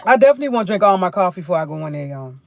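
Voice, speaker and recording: A woman's voice: on the low side, big pitch swings, very fast, creaky. Chatty New woman livestreaming. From New York. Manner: chatty, repeats phrases, rambling storytelling. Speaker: livestream host. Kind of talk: casual live chat.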